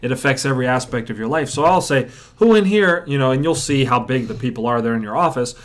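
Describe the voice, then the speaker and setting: A chiropractor teaching a workshop method, telling patient stories and acting out what patients and audience members say. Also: male voice, medium pitch, quick pace. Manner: storytelling, acts out patients and audience. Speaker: chiropractor and coach. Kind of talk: teaching a seminar.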